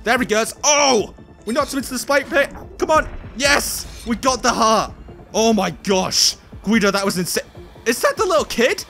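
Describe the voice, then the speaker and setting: Young male let's-play host, high, bright voice, excitable and full of playful asides. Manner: excitable, exclaiming, jokey asides to enemies. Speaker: gameplay host. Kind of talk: excited VR gameplay commentary.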